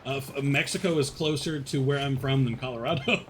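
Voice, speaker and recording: A man's voice: medium pitch, normal speed, noisy background. A young man from northern Alabama with a faint Southern US accent, chatting casually with his viewers and laughing often as he streams a game. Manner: chatty, laughs often, answers chat between plays. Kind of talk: casual live-stream chat while gaming.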